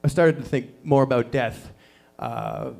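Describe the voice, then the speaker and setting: A man in his thirties doing a deadpan stand-up set at a small open mic, acting out quotes with big jumps in pitch. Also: a little slow, vocal fry, faint music behind. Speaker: stand-up comedian. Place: small performance venue.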